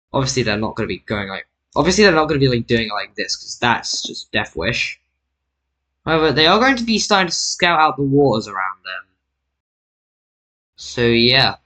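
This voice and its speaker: A man's voice: mid-range voice, pushed and bright, low-quality recording. A man casually narrating a map-drawing video, rambling and correcting himself with jokey asides. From Britain. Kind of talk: casual narration over screen recording.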